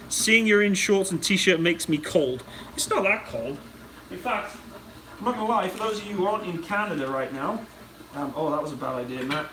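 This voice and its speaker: British man, slightly high voice, rambling livestream chat, cooking at home, mic a bit far off in an echoey room. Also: a bit bright, a little hiss or hum. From Britain. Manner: rambling, chatty, reads viewer comments aloud. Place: home kitchen.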